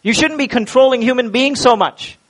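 High-voiced emphatic male preacher. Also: normal speed, fairly bright tone, rough recording. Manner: emphatic, rhetorical questions, repeats words. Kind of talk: sermon.

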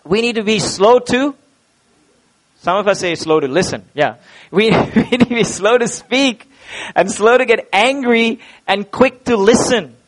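A man's voice: sits high, unhurried, rough recording. A male preacher, delivering a sermon emphatically, with rhetorical questions and repeated words.

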